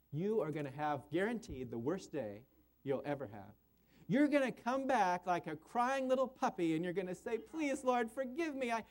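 High-pitched guy pastor giving a sermon, earnest, does voices for the quotes. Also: a little mellow. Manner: earnest, acts out prayers and quotes in changing voices.

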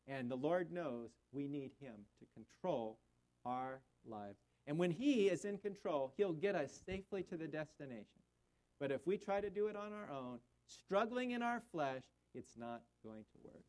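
A high-pitched male voice delivers an earnest sermon. He quotes scripture and speaks directly to the congregation before leading them in prayer. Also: animated, moderate pace, darkish tone. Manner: earnest preaching, quoting scripture, ending in prayer. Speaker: pastor.

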